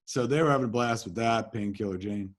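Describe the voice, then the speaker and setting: A man from New Jersey, a guest in an interview, telling animated anecdotes in casual talk and swearing freely. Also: on the low side, a little fast. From New Jersey, USA. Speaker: interview guest, filmmaker and comics writer.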